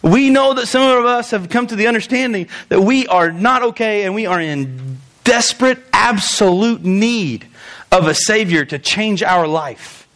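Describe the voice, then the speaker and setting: A man's voice: high-pitched, animated, a little slow, fairly bright tone. A man preaching a sermon in a loose, conversational way, reading scripture and acting out the people in it. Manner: conversational, acts out quoted voices, chuckles. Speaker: pastor.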